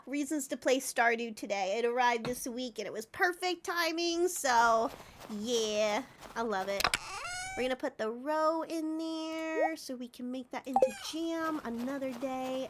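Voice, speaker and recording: A high, bright-sounding woman chats away as she plays a game on a live stream, giggling often and calling out to viewers by name. Loud background noise and clicking sit under her voice. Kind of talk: casual live-stream chat while gaming.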